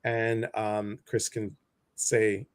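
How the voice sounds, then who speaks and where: A man's voice: fairly low pitch, level tone, extremely slow, smooth. A man with a Midwestern American accent hosting a casual livestream, greeting viewers by name and cracking jokes over a video call. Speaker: host.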